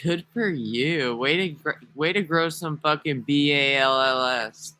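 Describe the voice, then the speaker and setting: A man's voice: a little high, unhurried, pushed and bright, no room sound. A man talking casually to camera in a rambling, profane, sarcastic vlog monologue. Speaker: vlogger.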